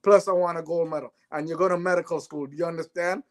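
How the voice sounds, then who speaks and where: A man's voice: a little high, steady tone, fast talker, close to an everyday voice. A man putting on the voice of a strict mother with a Jamaican accent, scolding her teenage son. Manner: firm, scolding, demanding.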